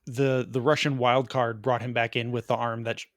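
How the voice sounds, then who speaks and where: Podcast co-host, male, mid-pitch, chatty rambling reviewer, dead-dry booth sound. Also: flat delivery, dry recording. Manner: rambling, quick asides, laughs at his own jokes. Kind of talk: casual movie review chat.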